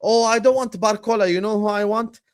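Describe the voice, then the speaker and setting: A man's voice: high-pitched, steady tone, a little fast, clean tone, pitched above the performer's own voice. A man putting on the voice of a whiny, demanding male football fan in a mocking, nagging way.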